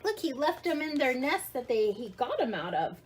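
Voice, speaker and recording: A woman reading a children's storybook aloud in an interactive read-along, animated, asking the listener questions and explaining words simply. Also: sits high, moderate pace, slight background noise.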